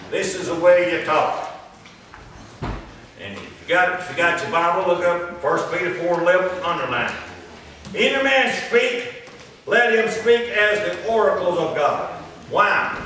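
A man preaching a sermon, emphatic and repeating his points, slowing down to read scripture. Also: on the high side, pushed and bright, slight background noise. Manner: emphatic, repeats lines, reads scripture slowly. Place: church. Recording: echoey church room, distant mic.

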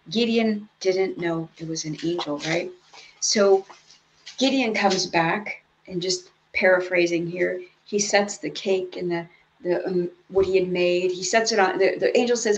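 Gravelly-voiced woman leading a Bible study. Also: fairly low pitch, steady tone, moderate pace, muffled recording, slight background noise. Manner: reads scripture aloud, then explains it in chatty asides. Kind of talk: casual Bible study teaching.

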